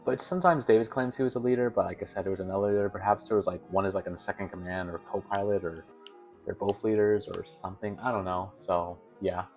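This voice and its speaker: A man's voice: deep voice, quick pace, darkish tone, faint music behind. A young man hosting a video, telling a story in a casual, rambling way with stammers and self-corrections. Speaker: video host.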